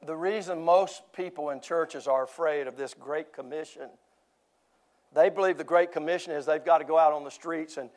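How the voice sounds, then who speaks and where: A man's voice: a little high, a little mellow. An older man preaching a sermon in church, telling jokes and chuckling often. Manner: joking storyteller, chuckling often. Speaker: pastor.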